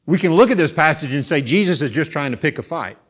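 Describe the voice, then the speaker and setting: Male preacher, conversational sermon, soft asides and emphatic reading. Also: fairly high pitch, expressive, quick pace, slightly rough. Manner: swings between soft intimate asides and loud emphatic scripture reading.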